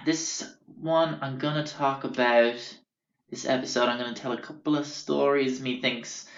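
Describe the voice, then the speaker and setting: A young Irish man hosting a podcast, telling stories casually, rambling and swearing with many fillers. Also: medium pitch. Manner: rambling and profane, with many fillers and self-corrections. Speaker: podcast host. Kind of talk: casual storytelling. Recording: roomy, dull lo-fi sound.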